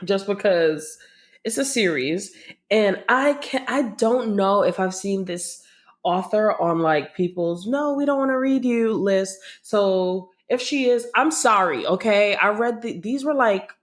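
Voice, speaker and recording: A woman's voice: mid-range voice, takes it slowly. A woman co-hosting a podcast, casually introducing a book recommendation, with plenty of fillers and hedges. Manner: chatty, hedging with fillers, agreeable. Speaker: podcast co-host. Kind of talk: casual chat recommending books.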